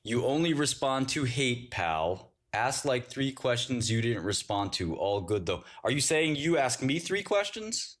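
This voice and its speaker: A man's voice: mid-range voice, very animated, moderate pace, a bit bright. A man hosting a casual livestream, mocking chat with sarcastic riffs and bursts of laughter. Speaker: livestream host.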